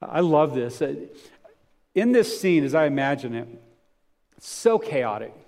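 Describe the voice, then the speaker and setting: A pastor preaching a sermon to his congregation in a conversational way, swelling to emphatic points and dropping to softer reflective stretches. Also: a little high, big pitch swings, unhurried. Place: church before a congregation.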